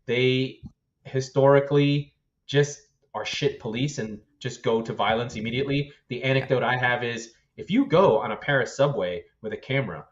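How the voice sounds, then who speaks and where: A man co-hosting a football podcast in loose, animated chat, swearing freely and laughing between points. His voice sits at a middling pitch, and the audio sounds slightly dull and muffled. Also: normal speed. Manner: animated, profane, laughs often. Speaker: podcast co-host.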